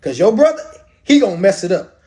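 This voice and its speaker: A man's voice: high voice, big pitch swings, fairly quick, darkish tone. A man doing a bossy, coaxing mother. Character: scheming protective mother, middle-aged woman.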